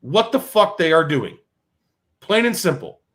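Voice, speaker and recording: A man's voice: high-pitched, sing-song, a little slow, fairly bright tone. A man hosting a sports talk show, ranting with profanity and many restarts. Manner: fired-up, profane, repetitive restarts. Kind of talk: heated sports radio rant.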